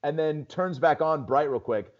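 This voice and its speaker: This man has a fairly high pitch and talks at a normal speed, though the audio loses its highs. He's a comedian from Seattle, USA, rambling through casual podcast chat as a guest, leaning hard on "dude" and "like."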